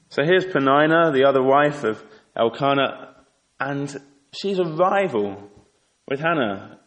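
A man's voice: mid-range voice, expressive, unhurried, a bit bright. Earnest male preacher in an echoey hall. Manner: earnest, exhorting, with rhetorical questions. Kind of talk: sermon. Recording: echoey hall with long reverb.

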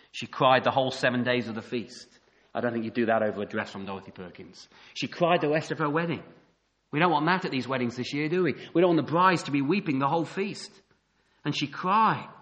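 A man's voice: medium pitch, a bit bright. A middle-aged man preaching a sermon, telling the story vividly and asking rhetorical questions.

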